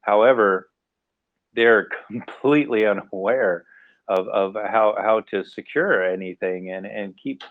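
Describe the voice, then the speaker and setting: An American man speaking as a panelist in a casual live discussion, animated and acting out little scenarios as he talks. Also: on the low side, measured pace, no room sound. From United States. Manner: animated, acts out mock scenarios, laughs. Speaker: AMA panelist. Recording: tinny phone-like line, dry.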